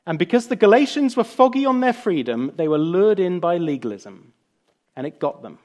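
A man's voice: sits high, moderate pace. A man preaching a sermon, telling stories and acting out the quoted lines. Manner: animated storytelling, voices quotes.

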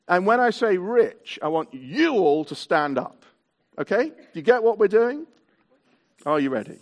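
A man preaching a Christmas sermon to a mixed-age congregation in a church hall, stretching out key words for emphasis. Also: high voice. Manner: animated, drawn-out emphasis on key words, leads the congregation in actions. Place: church hall with tiered seating.

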